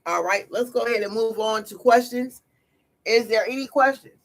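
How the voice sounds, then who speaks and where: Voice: medium pitch, moderate pace, gravelly, fairly bright tone. A tarot reader hosting a casual livestream, talking in a blunt, slangy, scolding way. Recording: noisy livestream audio.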